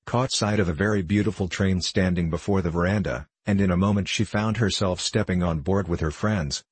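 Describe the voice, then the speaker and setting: A man reads a storybook aloud in a low, slightly husky voice. His delivery is even and unhurried, and the recording is close and dry with no room sound. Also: no room sound. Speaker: audiobook reader. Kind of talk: scripted storybook narration.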